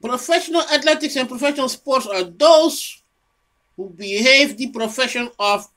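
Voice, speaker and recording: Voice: high-pitched, expressive, moderate pace, fairly bright tone. A person giving a rambling unscripted monologue about their own research, often repeating words and restarting phrases, and scolding an imagined listener. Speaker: home video presenter showing own research.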